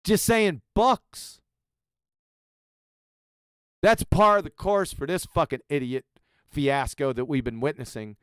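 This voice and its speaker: A man's voice: a little high, slow, long pauses, a bit bright, smooth, dry recording, studio quality. A man hosting a live stream, mocking a clip with profane, sarcastic commentary. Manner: ranting, insulting, sarcastic. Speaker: live stream host reacting to clips.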